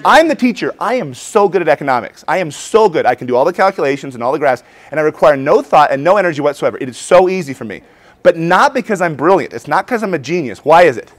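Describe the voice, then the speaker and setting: Animated, high-energy man presenting to teachers. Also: fast. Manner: energetic, animated, acts out students' voices. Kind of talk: lively conference talk with demonstrations. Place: conference hall before an audience.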